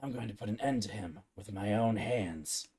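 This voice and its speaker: A man's voice: lowish voice, moderate pace, a little mellow, husky. A man voicing a brash, hot-headed young ninja prince in a half-joking, mock-heroic reading while dubbing a game live. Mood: defiant. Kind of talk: live game dub over cutscenes.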